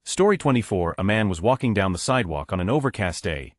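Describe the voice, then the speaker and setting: A man's voice: on the low side, very animated, quick pace, dry recording, clean studio sound. A man reading a string of short jokes aloud as a narrator, raising his voice to announce each story number.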